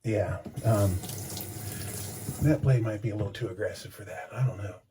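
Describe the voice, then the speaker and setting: A man's voice: on the low side, moderate pace, background noise. A man telling a rambling story in a casual vlog, stopping to comment as he shaves. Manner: rambling, self-interrupting, chatty. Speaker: vlogger. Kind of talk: casual storytelling while shaving.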